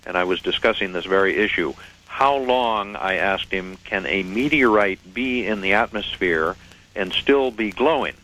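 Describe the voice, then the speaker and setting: A man with a low voice, speaking as a radio guest. He explains in a measured, precise way, and the call has the sound of a radio broadcast. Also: pushed and bright, poor audio. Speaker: radio guest, head of a UFO reporting center. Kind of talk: phone-in radio interview.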